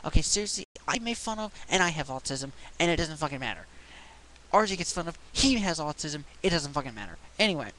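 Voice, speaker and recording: A man's voice: a little high, big pitch swings, fast, sharp tone, low-quality recording. A man ranting in a video blog, sarcastic, exasperated and profane as he mocks someone. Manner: profane, mocking. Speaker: video blogger. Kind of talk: ranting vlog.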